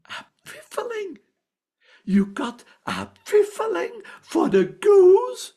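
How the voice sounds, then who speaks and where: An Austrian man voicing a middle-aged peasant wife who fusses over her husband, in high, drawn-out exclamations. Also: vocal fry, heavily acted. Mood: incredulous. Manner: shrill, excitable, drawn-out exclamations.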